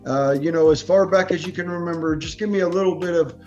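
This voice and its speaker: A man hosting a podcast interview, casually prompting his guest with quick questions. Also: fairly high pitch, a little mellow, muffled recording, faint music behind. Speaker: podcast host. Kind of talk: interview chat.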